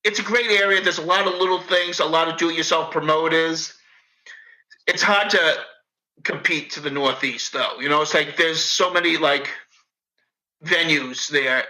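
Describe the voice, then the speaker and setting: A man's voice: fairly high pitch, normal speed, low-quality recording. Profane, rambling man with a Boston accent. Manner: profane, rambling, animated storyteller. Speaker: podcast guest. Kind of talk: casual chat.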